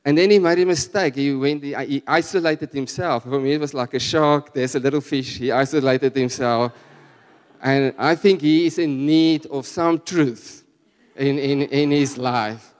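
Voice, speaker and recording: A man with a South African accent preaches in a relaxed, chatty way, full of restarts and asides. His voice comes through smooth and resonant, and a long church hall reverb trails behind every phrase. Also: fairly high pitch, normal speed. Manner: conversational, animated storytelling with frequent restarts. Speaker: guest preacher. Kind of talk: sermon with personal story.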